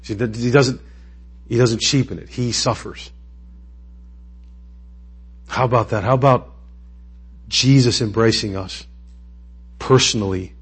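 A pastor with a husky, medium-pitched voice preaches a sermon from the pulpit in a loose, conversational manner. He keeps a measured pace and pauses often, yet grows emotional and climbs into impassioned peaks.

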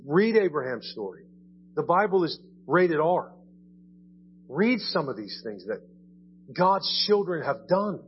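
A pastor preaches a sermon conversationally in a church sanctuary, often asking "right?" and repeating his words. His voice is slightly high and sing-song, measured and full of pauses, on dull audio with a bit of hiss or hum.

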